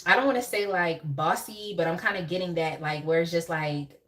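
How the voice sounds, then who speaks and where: A woman's voice: on the low side, steady tone, a little fast, fairly bright tone. A young woman hosting a casual live tarot reading, chatty and laughing often as she talks to viewers in the chat by name. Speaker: tarot reader on a live stream.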